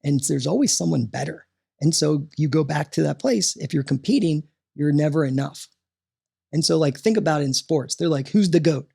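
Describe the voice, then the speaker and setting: Man, podcast guest, husky voice, slightly high, motivational coaching talk, animated. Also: normal speed. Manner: animated, repeats "right?" and "like" often.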